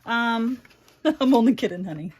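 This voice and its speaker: A woman's voice: fairly high pitch, expressive, normal speed, noisy background. A middle-aged woman hosting a chatty livestream craft tutorial, reading viewer comments aloud between steps. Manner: chatty, warm toward her daughter and viewers, reads chat aloud.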